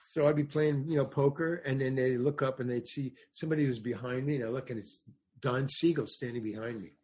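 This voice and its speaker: This time the older comedian and actor sounds mid-range, brisk and darkish, with a breathy edge. He rambles through a long podcast anecdote, voicing the dialogue he quotes and restarting his sentences again and again.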